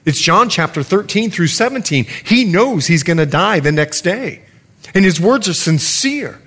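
A middle-aged man pastor preaching a sermon, telling stories earnestly and dropping to a hush on solemn points. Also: high voice, expressive, normal speed.

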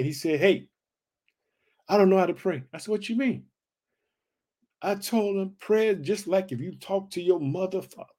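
High-voiced fervent male preacher. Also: darkish tone, husky. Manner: fervent, repetitive call-and-response preaching. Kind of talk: sermon.

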